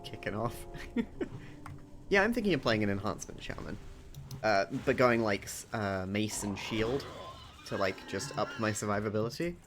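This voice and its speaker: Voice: medium pitch, expressive, normal speed. A streamer chatting casually and playfully while playing a game. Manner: playful, chatty, laughs often. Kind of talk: casual chat while gaming. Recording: background music.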